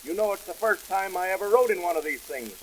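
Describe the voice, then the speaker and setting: A man's voice: sits high, lively intonation, quick pace, a bit bright, a little hiss or hum, low-quality recording. A man voicing a jovial, teasing friend who chuckles through his banter, in 1920s vaudeville comedy record style. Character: jovial male friend, nervous rider.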